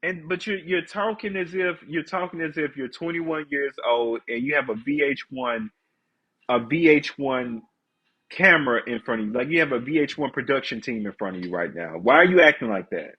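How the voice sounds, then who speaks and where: A man's voice: mid-range voice, normal speed, slightly rough, dull audio. A man with a congested voice, chatting candidly and ranting to viewers on a casual live stream.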